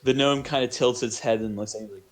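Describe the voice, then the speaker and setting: A man's voice: medium pitch, fast, soft background music. A man narrating as game master on a tabletop game stream, casual and rambling, with many restarts. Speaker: dungeon master.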